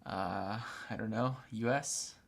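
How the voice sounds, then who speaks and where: A man's voice: on the low side, slow, creaky. A man hosting a live stream, chatting casually and replying briefly to viewer messages while he draws. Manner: relaxed, replies briefly to viewer chat.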